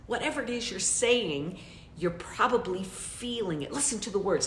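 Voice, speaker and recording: Lively, emphatic woman coach in a roomy space. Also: normal speed. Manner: emphatic, addresses listeners directly with repeated questions. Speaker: business coach. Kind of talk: motivational training talk. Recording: roomy echo, faint rumble.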